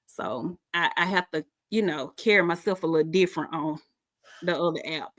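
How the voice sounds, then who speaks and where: A woman's voice: sits low, normal speed, fairly bright tone, no room sound, studio quality. Chatty middle-aged woman hosting a live. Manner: chatty, laughs often, informal slang. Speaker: live stream host. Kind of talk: casual live chat, reading comments.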